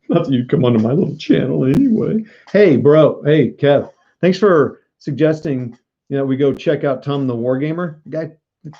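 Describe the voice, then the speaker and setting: Live-streaming a board wargame, this man jokes around, pokes fun at himself, and talks directly to chat. His voice is warm and medium-pitched, and the recording has its highs cut off.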